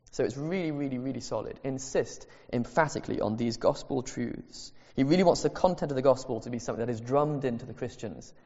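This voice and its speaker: A man's voice: mid-range voice, creaky, warm tone. A man preaches to his congregation, earnest and insistent, circling back to the same phrases to drive them home. His mid-range voice carries a long reverb through the church. The sound is dull and lo-fi. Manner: earnest, repeats key phrases for emphasis. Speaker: pastor. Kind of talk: sermon. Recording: echoey hall, dull lo-fi sound.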